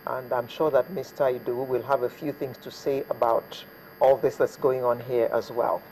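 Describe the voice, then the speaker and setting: A man's voice: medium pitch, steady tone, normal speed, darkish tone, a little hiss or hum, poor audio. A man hosting a morning TV talk show in a studio, chatty with hesitant fillers as he sets up the news and introduces guests. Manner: chatty, hesitant fillers, reads names off a list.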